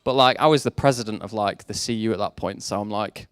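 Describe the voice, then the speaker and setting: A man's voice: lowish voice, quick pace, smooth, no echo, clean studio sound. A young man preaching a sermon, mixing faith talk with self-deprecating jokes about his past. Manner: jokey, self-deprecating storytelling. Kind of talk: sermon with personal stories.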